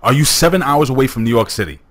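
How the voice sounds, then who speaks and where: A man hosting a casual wrestling chat, animated and jokey, swearing now and then. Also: medium pitch, quick pace. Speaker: podcast host.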